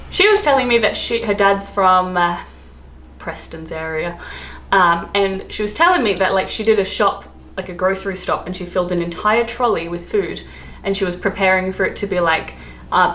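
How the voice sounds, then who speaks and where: A woman's voice: fairly low pitch, a bit bright, a little hiss or hum. A woman with an Australian accent, chatting casually to camera, rambling and often laughing. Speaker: travel vlogger. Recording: echoey room, faint ambience.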